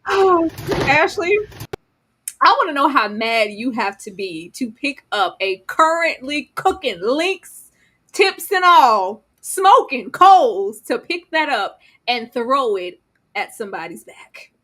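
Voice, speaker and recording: Animated high-voiced Southern woman. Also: slightly rough. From Texas. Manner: animated, laughing, drawn-out emphasis. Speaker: panel co-host. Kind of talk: casual chat reacting to viral clips.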